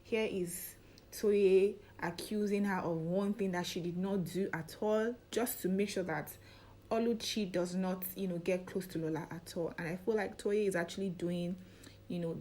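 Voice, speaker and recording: A woman's voice: on the low side, a little mellow. A woman casually recapping a drama episode, chatty and opinionated, often saying "you know". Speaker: series recap vlogger.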